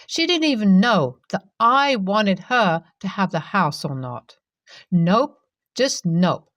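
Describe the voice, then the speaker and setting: A woman narrates a first-person story in a steady, even reading voice. Her pitch sits in the middle of the range. The recording is close and dry, with no room sound. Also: no echo.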